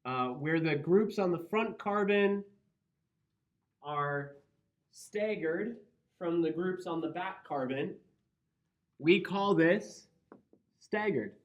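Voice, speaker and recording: A man with a Midwestern accent and a slightly high voice teaches a chemistry class in a lecture classroom, going slowly with long pauses. He explains step by step and checks in with his students. The recording is roomy, dull, and lo-fi.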